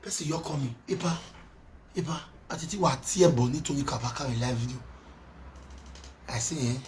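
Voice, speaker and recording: A man with a Nigerian Pidgin English accent, scolding and ranting in a heated monologue with swings between loud and soft. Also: medium pitch, a little fast, a little hiss or hum. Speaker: social media commentator.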